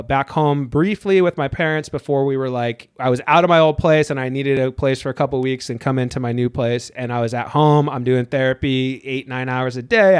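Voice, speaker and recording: A man's voice: medium pitch, clear, resonant tone, no echo, clean studio sound. A man on a podcast, a therapist talking casually and animatedly, slipping into voices of people he quotes and swearing now and then. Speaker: therapist guest.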